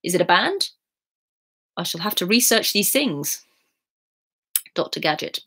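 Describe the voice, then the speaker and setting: A woman's voice: on the low side, very animated, a little slow, pauses often, bright, forceful tone, breathy edge. Young woman, casual live-stream host, chatty and giggly. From England. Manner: chatty, giggly, sing-song goodbyes. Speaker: YouTuber reading live chat.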